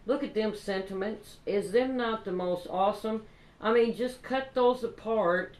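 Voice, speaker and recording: A woman's voice: medium pitch, measured pace, darkish tone, echoey room, low-quality recording. A woman from Kentucky with a Southern accent, chatting casually and folksily as she shows off her craft supplies. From Kentucky, USA. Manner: chatty, folksy, lots of "y'all" and "you know". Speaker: craft vlogger. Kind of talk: casual haul chat.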